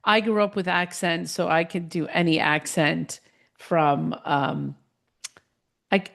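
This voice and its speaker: A woman with a New Jersey accent hosting a podcast, telling stories in a chatty, animated way. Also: lowish voice, slow pace, gravelly. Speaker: podcast host. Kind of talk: casual chat.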